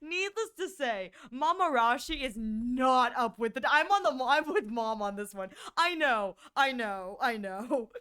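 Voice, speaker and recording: A young woman streamer chatting casually and telling animated stories to her viewers, often laughing. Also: fairly high pitch, a little slow, few pauses, smooth. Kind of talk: casual livestream chat.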